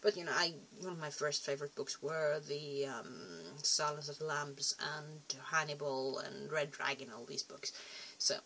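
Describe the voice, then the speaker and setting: A woman's voice: low voice, level tone, normal speed, hardly any pauses, sharp tone, a little hiss or hum. A young woman rambling casually to camera in a vlog, chatty and self-deprecating, often trailing off and restarting. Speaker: vlogger.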